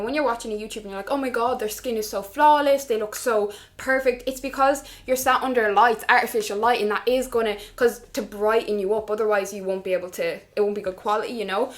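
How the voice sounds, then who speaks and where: A woman's voice: medium pitch, fast talker, few pauses. A young woman with an Irish accent chatting casually and giggling while she does her makeup indoors. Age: young adult. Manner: chatty, giggly, lots of fillers. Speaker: vlogger. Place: indoors, getting ready.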